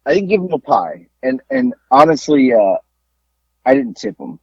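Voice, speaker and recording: A man co-hosting a podcast, telling a story in a casual, animated way and acting out the people he talked to on the phone. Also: medium pitch, moderate pace, vocal fry. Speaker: podcast co-host. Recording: dull lo-fi dry sound.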